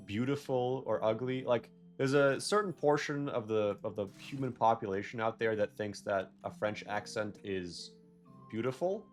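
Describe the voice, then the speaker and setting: A young man giving casual, rambling gameplay commentary, correcting himself and drifting into jokey rants. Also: on the low side. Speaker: gaming video creator.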